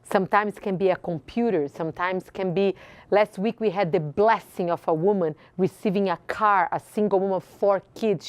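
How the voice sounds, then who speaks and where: A woman's voice: fairly low pitch, darkish tone, dry recording. A woman from Brazil with a Brazilian Portuguese accent, hosting and giving a passionate inspirational speech with repeated phrases for emphasis. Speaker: host.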